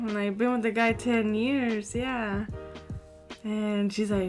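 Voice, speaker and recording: A woman's voice: mid-range voice, steady tone, unhurried, soft background music. A young woman co-hosting a podcast, telling a long story in casual chat with many fillers. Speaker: podcast co-host.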